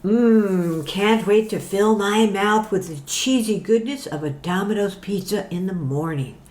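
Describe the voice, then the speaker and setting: A woman's voice: medium pitch, a little slow, darkish tone, close to an everyday voice. A woman playing a sultry, teasing show-off. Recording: roomy echo.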